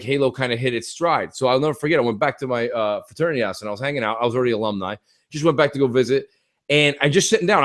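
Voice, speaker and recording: A young American man co-hosting a casual gaming podcast, telling stories with lively acted-out quotes and plenty of swearing. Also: mid-range voice. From United States. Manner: animated storyteller, acts out friends' shouts, swears freely. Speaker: podcast co-host.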